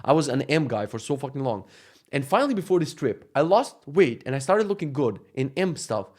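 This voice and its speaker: A man in his thirties telling a casual story to camera for his vlog, animated and profane, acting out quotes along the way. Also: medium pitch, fairly quick. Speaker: vlogger.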